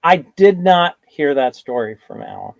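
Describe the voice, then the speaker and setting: A man's voice: fairly high pitch, wildly swooping pitch, normal speed, creaky, dry recording, highs cut off. A man appearing as a guest on a casual livestream, telling anecdotes with laughter and mimicking other people's voices.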